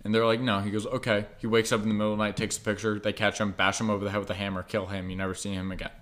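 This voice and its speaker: A man's voice: on the low side, flat delivery, racing, a bit bright. A young man co-hosting a podcast in casual chat, rambling and swearing, full of likes and ums. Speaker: podcast co-host.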